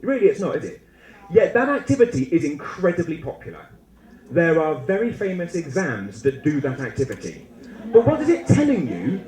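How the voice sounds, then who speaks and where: A man giving a lively, humorous conference talk to teachers, acting out little classroom scenes as he goes. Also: on the high side, normal speed. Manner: animated, humorous, acts out student and teacher voices. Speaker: conference speaker. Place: lecture hall. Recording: echoey lecture hall.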